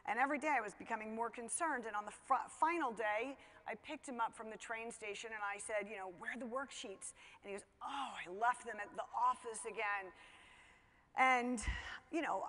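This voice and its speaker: A middle-aged woman telling a personal story about her son in a relaxed, conversational way, full of "you know" and self-mocking laughs. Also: mid-range voice. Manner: conversational, chatty, many fillers like "you know", laughs at herself. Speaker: speaker telling a parenting story. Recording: long hall reverb.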